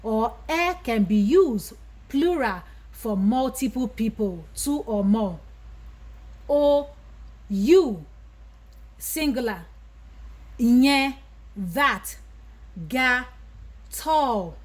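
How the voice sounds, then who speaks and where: A woman's voice: fairly high pitch, expressive, extremely slow, long pauses. A woman with a Yoruba accent, teaching a language lesson, who says each Yoruba word and then gives its English meaning. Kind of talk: slow vocabulary lesson.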